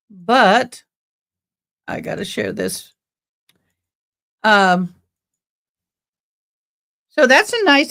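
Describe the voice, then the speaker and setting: A woman with a slightly high voice, a sharp tone, and a Texan accent hosts a casual livestream, rambling as she thanks her viewers. She was born in Tennessee and raised in Texas.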